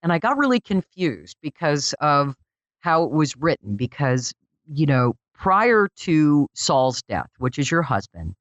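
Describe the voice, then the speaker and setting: Interview host, mid-pitched voice, easygoing hesitant phrasing, dull lo-fi recording. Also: big pitch swings, unhurried, fairly bright tone, no room sound. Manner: conversational, hesitant starts. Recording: dull lo-fi sound, dry.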